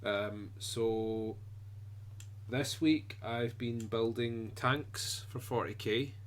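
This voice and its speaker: A man's voice: mid-range voice, very slow. A man co-hosting a casual podcast chat, talking in an easygoing, rambling, self-deprecating way. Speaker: podcast co-host.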